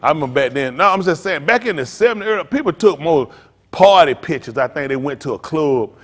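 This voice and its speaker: Brief: older male pastor, joking storyteller, high-ish and very animated, long reverb. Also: fast talker. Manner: animated, teasing, loose and joking. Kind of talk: comedic storytelling to a group.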